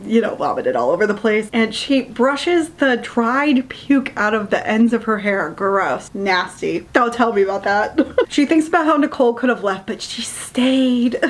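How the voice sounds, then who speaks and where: A woman reviewing a book in a casual, chatty way, laughing often and acting out quotes as she retells the story. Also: on the high side.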